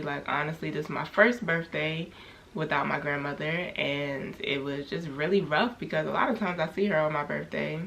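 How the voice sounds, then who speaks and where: A young woman speaks straight to her viewers in a casual vlog, her low voice carrying a gravelly fry. She talks candidly and loosely, full of "like" and "you know", circling her thoughts as she goes. A faint hiss sits under the recording. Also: fairly bright tone. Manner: candid, rambling with many fillers. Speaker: vlogger.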